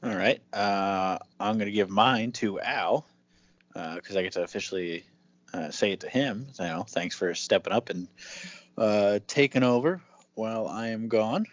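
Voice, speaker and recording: Man, podcast host, low voice, hesitant, filler-heavy, dry dull call audio. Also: a little slow, dry recording. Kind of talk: casual chat. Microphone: remote call mic.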